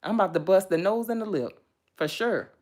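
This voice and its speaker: A woman who reads tarot, ranting casually to her viewers in a blunt, animated way, swearing freely, laughing often and talking straight to them. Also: medium pitch, a little fast. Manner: chatty, addresses viewers directly. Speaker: tarot reader. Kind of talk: casual vlog rant to viewers.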